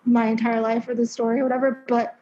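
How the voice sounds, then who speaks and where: A young woman in her twenties tells her story as a podcast guest in a casual interview, chatty and candid, using lots of fillers and some swearing. Her voice is fairly high and dark-toned, with a level delivery and a fast pace, and the recording sounds dull and lo-fi.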